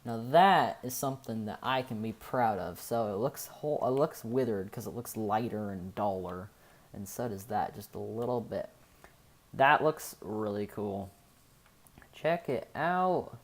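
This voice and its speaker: Speaking at a medium pitch, a man narrates a casual game-building tutorial. He thinks aloud along the way and often stops to correct himself.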